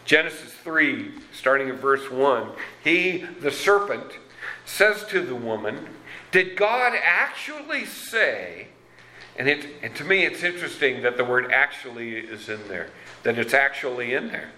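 A man preaching a sermon as pastor, slow and deliberate, reading scripture with dramatic emphasis. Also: mid-range voice, pushed and bright. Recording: roomy echo.

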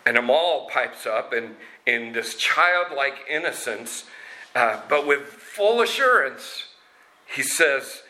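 A man retelling a story expressively, slow and dramatic, acting out the parts. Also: medium pitch, animated, bright, forceful tone, low-quality recording.

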